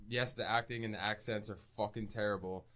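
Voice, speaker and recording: Fast-talking low-voiced young man. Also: fairly even intonation, bright, forceful tone. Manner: quick, offhand retelling of scenes. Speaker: podcast co-host. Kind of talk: casual movie review chat.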